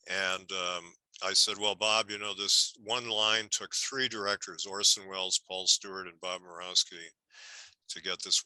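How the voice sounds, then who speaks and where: Older man, bright dry storyteller. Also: on the low side, dry recording, rough recording. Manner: rambling anecdotes with many restarts. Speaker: guest film historian. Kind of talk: casual interview storytelling.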